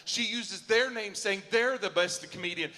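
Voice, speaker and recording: Stand-up guy in his forties, high bright voice, lots of hall echo, chatty and self-mocking. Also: moderate pace. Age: 40s. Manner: chatty, self-mocking, keeps asking the crowd "you know what I'm saying?". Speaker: stand-up comedian. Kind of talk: stand-up comedy set. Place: large auditorium at a live show. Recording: hall reverb from a live venue.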